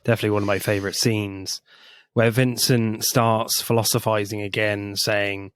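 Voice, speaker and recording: A man's voice: fairly low pitch, level tone, normal speed, no echo. A man co-hosting a podcast in casual chat, retelling favourite film scenes with enthusiasm and frequent laughs. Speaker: podcast co-host.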